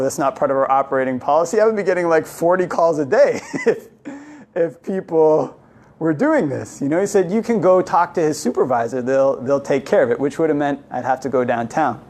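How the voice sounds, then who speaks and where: Chatty monk telling a story. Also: male voice, on the high side, darkish tone. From Canada. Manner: chatty storytelling, many "you know" fillers, acts out dialogue. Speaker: Buddhist monk giving a talk. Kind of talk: casual anecdotal Dhamma talk.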